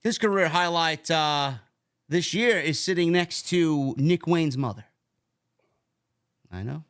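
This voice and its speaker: A man's voice: fairly high pitch, expressive, slow pace, a bit bright, clean tone. A man casually recapping a wrestling show, rambling and repeating words as he talks. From New York.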